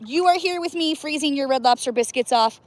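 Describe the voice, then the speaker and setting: Woman, high voice, playful livestream chatter, laughs a lot, outdoors by the water. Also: fairly quick. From US Northwest. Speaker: livestream host. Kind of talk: casual livestream chat.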